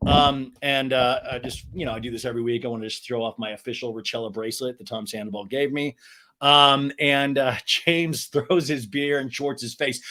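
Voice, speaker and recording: A man hosting a podcast, recapping a reality show in an animated, gossipy and profane way. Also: mid-range voice, moderate pace. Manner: animated, gossipy, swears and laughs often. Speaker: podcast host.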